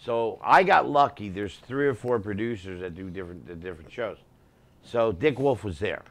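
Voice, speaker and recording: Low-voiced middle-aged comedian telling stories. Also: male voice. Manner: animated anecdotes with quick asides. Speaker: guest comedian. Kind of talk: casual interview storytelling. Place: studio.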